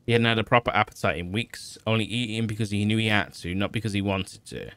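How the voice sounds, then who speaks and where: A man streaming, reading fan fiction aloud in a steady manner with small slips and restarts. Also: fairly low pitch, quick pace, no room sound.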